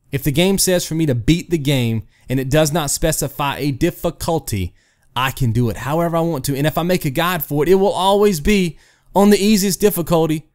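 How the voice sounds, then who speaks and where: Gaming host, male, slightly high voice that swings a lot; talks straight to camera, makes his point with made-up stories and keeps asking "right?". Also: a little mellow. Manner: storytelling with hypotheticals. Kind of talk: casual rant to camera.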